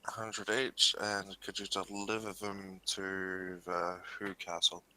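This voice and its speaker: Very deep, bright-edged male player. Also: completely flat delivery, takes it slowly, clean tone, rough recording. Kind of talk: casual tabletop play.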